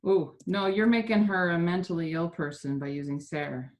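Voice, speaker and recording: A woman with a slightly low voice teaches a language class over a video call. She explains the grammar patiently, repeats her points and corrects how her students pronounce words. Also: fairly even intonation, normal speed, darkish tone. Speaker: Spanish teacher. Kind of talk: online class instruction.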